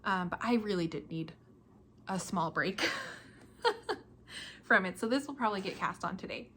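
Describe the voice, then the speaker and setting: Young female podcast host, mid-pitched, chatty and self-deprecating, with a touch of noise in the recording. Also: expressive, measured pace, a bit bright. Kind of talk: casual chat about knitting projects.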